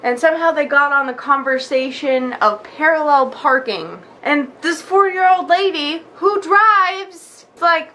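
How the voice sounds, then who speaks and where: A young woman vlogger telling a story in a chatty, animated way, acting out what people said. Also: high-pitched, unhurried, few pauses. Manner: chatty, animated, acts out quotes with many likes. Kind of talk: casual storytelling vlog.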